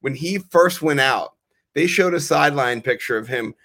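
A man in his thirties co-hosts a casual podcast with a fairly high voice. He tells rambling, animated stories and swears now and then. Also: moderate pace, gravelly. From Maryland, US. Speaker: podcast co-host. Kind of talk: casual chat.

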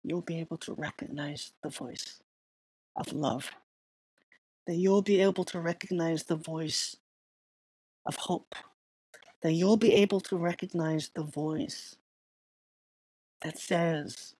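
Slow, soft-spoken woman podcaster. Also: low-pitched, husky, no echo. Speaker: podcast host. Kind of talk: reflective personal monologue.

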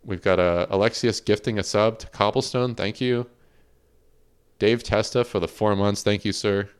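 Deep-voiced man hosting a podcast. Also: fairly even intonation, normal speed, clean tone. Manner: chatty, laughs often, reads out viewer questions. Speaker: podcast host. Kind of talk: casual chat on a livestreamed podcast.

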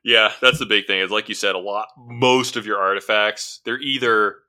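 A young man chats about card game strategy with a low voice. His tone is strikingly bright and sharp. He hesitates often, piling up fillers and repeating words before he lands his point. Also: steady tone, moderate pace, clean tone. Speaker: card game podcast co-host. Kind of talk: casual card review chat.

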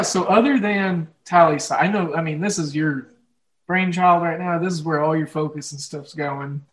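A man's voice: on the high side, poor audio. A young man with an Oklahoma Midwestern accent hosts a casual podcast chat, rambling with lots of fillers and frequent laughs. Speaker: podcast host.

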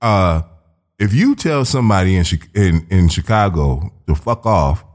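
A man's voice: low voice, animated, normal speed, darkish tone. An American man hosting a podcast interview, chatting casually with blunt jokes and plenty of swearing. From United States. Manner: blunt, joking, swears freely. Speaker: podcast host.

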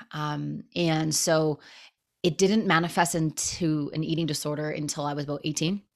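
A woman in her thirties, a podcast guest telling stories in a lively, casual way and acting out what people said. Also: deep voice, gravelly. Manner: animated storyteller, acts out quotes. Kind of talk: casual storytelling interview.

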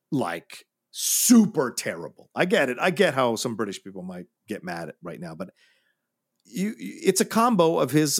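Male film podcast co-host, earnest and emphatic, lively pitch, dry close mic. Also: no echo. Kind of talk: casual film podcast chat.

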